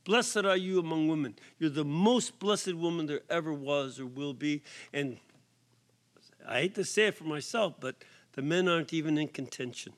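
A man, a priest, giving an emphatic sermon in a prison, rising to loud accents and sometimes dropping to a whisper. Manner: slow, emphatic preaching with sudden rises in pitch and volume; drops to a soft whisper for effect. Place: prison chapel or hall.

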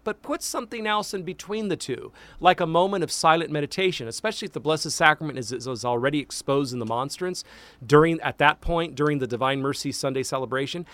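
Priest radio host, male, mid-pitched, dry studio mic, emphatic and lively when answering mail. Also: no room sound. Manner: animated, emphatic teaching with repetitions. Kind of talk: answering listener questions on call-in radio.

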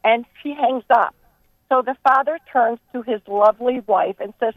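A woman from New York State calling in to a radio show, telling a long joke in an animated, giggly way over a phone line. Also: fairly high pitch, normal speed, no room sound. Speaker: caller. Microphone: telephone.

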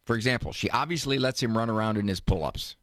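A man's voice: fairly low pitch, fast talker, fairly bright tone, no room sound, studio quality. A man hosting a radio call-in advice show, joking and teasing his caller. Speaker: radio host, advice doctor.

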